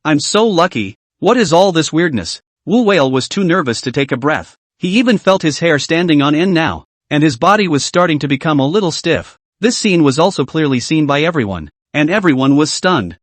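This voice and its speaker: A man's voice: a little high, lively intonation, a little fast, few pauses, no room sound. A man narrating a manhwa recap in a dramatic storytelling manner.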